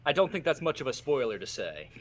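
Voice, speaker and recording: A man in casual podcast chat, careful and measured. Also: medium pitch, big pitch swings.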